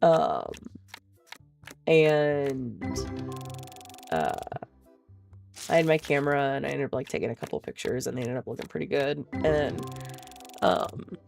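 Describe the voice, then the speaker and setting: A woman's voice: extremely low pitch, expressive, measured pace, vocal fry, pauses often, a little mellow, soft background music. A woman vlogger telling a story in casual chat, blunt and profane, laughing often.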